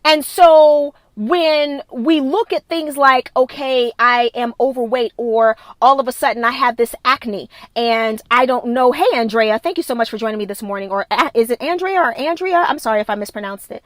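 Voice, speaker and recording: A woman's voice: sits high, no room sound. A woman wellness coach giving a live-streamed motivational talk into her phone, emphatic and repetitive, driving her points home with a preachy insistence.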